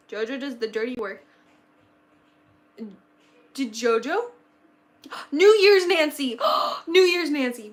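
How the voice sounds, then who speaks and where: A teenage girl chatting casually on a live stream, excitable and nostalgic, gasping often and saying "like" a lot. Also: high-pitched. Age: teen, about to turn sixteen. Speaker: livestreamer.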